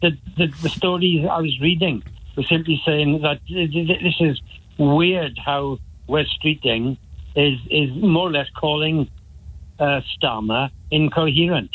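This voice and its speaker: A man calling in to a talk show, talking haltingly with many restarts. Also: on the high side. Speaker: caller. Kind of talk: phone-in chat. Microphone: phone. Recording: tinny phone line.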